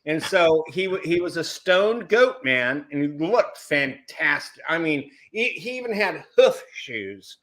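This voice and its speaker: A man chatting casually on a group video chat show, telling animated stories, acting out the people he quotes and often restarting his words. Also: on the high side, a little slow, hardly any pauses. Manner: self-interrupting, repeats words.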